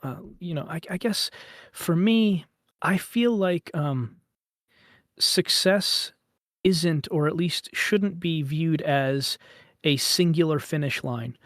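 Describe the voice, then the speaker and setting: A man's voice: a little high, slow, no room sound, clean studio sound. A man hosting a podcast, speaking thoughtfully and hesitantly with many fillers. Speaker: podcast host. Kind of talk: casual podcast conversation.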